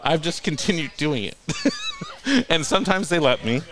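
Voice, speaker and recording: A man's voice: a little high, expressive, moderate pace, fairly bright tone. A man who is a guest author, telling wry, mocking stories in casual podcast chat and laughing often. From Coachella Valley, California.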